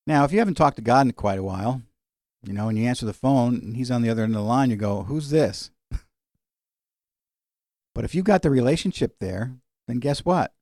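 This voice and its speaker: A man teaching a sermon in a conversational way, slowing down when he quotes scripture. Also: mid-range voice, lively intonation, darkish tone, no room sound, studio quality. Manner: conversational, varies pace for emphasis, slows on scripture. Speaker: pastor.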